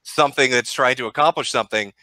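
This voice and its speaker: Brash male stream host, sharp bright voice, dry close mic, sneering and profane. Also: medium pitch, fast, dry recording. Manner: combative, mocking, profane. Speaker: stream host debating a guest. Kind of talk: heated live-stream debate.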